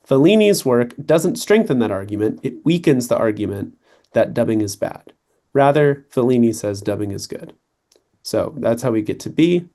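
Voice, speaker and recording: A man's voice: fairly low pitch, mellow. A young adult man tutoring, explaining reading test answers in a conversational way and checking in with the listener as he goes. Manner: conversational, checks in with "right?" and "okay".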